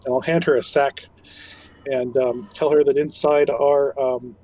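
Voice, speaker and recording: A man's voice: mid-range voice, steady tone, measured pace, warm tone, poor audio. A man playing a tabletop role-playing game, speaking in an easygoing, hesitant way with ums and repeated words. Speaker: player. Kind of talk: casual tabletop play.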